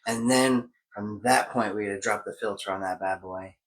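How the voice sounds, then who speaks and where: A man's voice: fairly low pitch, normal speed, rough recording. A man in casual wellness chat who explains ideas step by step in an encouraging way.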